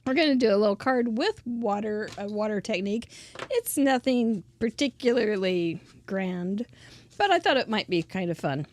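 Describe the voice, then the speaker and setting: A woman's voice: medium pitch, animated, moderate pace. A woman giving a chatty, casual crafting tutorial, drifting into asides and laughing often. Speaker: crafting instructor.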